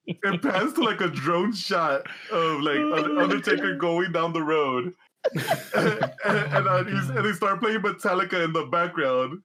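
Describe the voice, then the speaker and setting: Man, podcast co-host, animated, laughing, swears casually, slightly raised pitch. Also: measured pace, slight background noise. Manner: animated, laughing storyteller who swears a lot. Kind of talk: casual chat.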